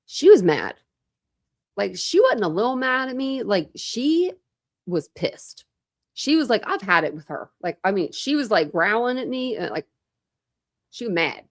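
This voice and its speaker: A woman hosts a casual true crime livestream in a chatty, meandering way. She piles on fillers and restarts as she talks loosely to her viewers. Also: medium pitch. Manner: rambling, filler-heavy, chatty. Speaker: true crime channel host.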